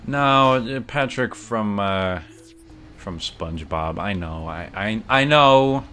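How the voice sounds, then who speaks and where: A man's voice: lowish voice, animated, slow, sharp tone, faint music behind. A man streaming a video game, chatting casually with lots of fillers and restarts. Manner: rambling, many fillers and restarts, banter with chat. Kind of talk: casual chat while gaming.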